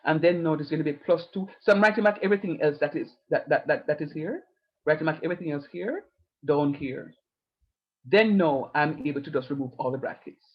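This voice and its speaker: A man's voice: fairly high pitch, fairly quick. A man teaching a math class, explaining each step patiently with playful asides. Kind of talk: online math lesson. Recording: lo-fi online class audio.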